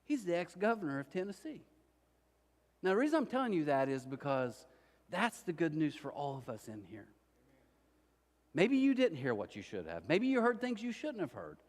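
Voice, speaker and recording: A man preaching a sermon as a pastor, telling a story with lively quoted voices before easing into soft, earnest prayer. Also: on the high side, normal speed. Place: church auditorium, indoors. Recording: long hall reverb.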